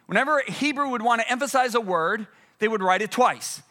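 A male preacher delivering a sermon, swinging between loud urgent peaks and hushed, low passages. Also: animated, brisk.

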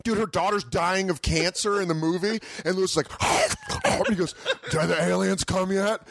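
A man guesting on a comedy podcast, telling a story in a casual, animated way, laughing and acting out his friends' lines. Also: sits high, a little fast, creaky, slight background noise.

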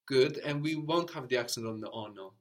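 A man's voice: medium pitch, a little fast. A man teaching a language lesson, patiently prompting his student and repeating each answer.

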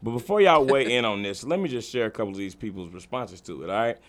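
Fast-talking man hosting a casual group chat. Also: on the low side, lively intonation, fairly bright tone. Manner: reads out posts and runs the segments. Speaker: podcast host.

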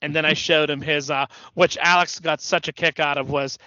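A man co-hosting a podcast, telling animated stories in casual chat and acting out quotes. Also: a little high, moderate pace, no room sound, dull audio. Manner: animated storytelling, acts out quotes. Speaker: podcast co-host.

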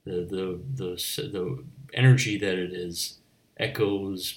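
A man's voice: low-pitched, steady tone, slow. A man delivering a rambling, absurdist comic monologue to the camera, wandering between mock-philosophical musings and stammering restarts. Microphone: on camera, speaking to viewers.

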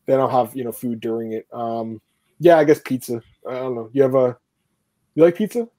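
A man hosting a casual podcast over a live video call, talking fast, cursing and laughing often. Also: mid-range voice, mellow, no room sound. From Canada. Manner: fast, profane, laughs a lot. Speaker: podcast host.

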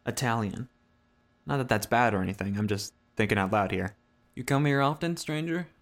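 An actor playing a hard-boiled detective in a noir mystery drama, questioning a suspect in a dry, probing manner and narrating in the first person. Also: male voice, mid-range voice, moderate pace, close to an everyday voice. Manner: dry, probing, stumbles into restarts.

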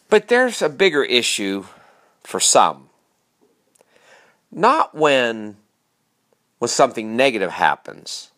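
A middle-aged man delivers a motivational monologue in a lowish voice. His pitch swings widely as he drives home short, punchy phrases and repeats them. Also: fairly bright tone. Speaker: motivational speaker and show host.

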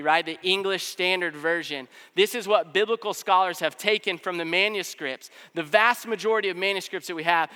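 High, bright-voiced man preaching in a hall. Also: clean tone. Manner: conversational preaching with many "like" fillers. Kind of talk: sermon. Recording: long hall reverb.

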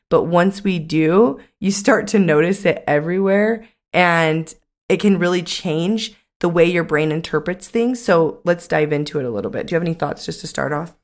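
A young adult woman co-hosting a casual podcast chat as a coach, talking in a chatty way with many "like" fillers. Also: lowish voice.

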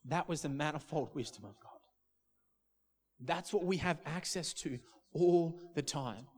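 A man's voice: fairly high pitch, unhurried, darkish tone. A man, a pastor preaching a sermon through a personal story, restarting and repeating words as he talks.

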